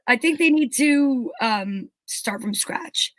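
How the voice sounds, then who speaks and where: A woman co-hosting a casual sports talk show, gossipy and hesitant, filling pauses with "like". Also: high voice, animated, fairly bright tone, no room sound. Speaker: co-host. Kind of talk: casual chat.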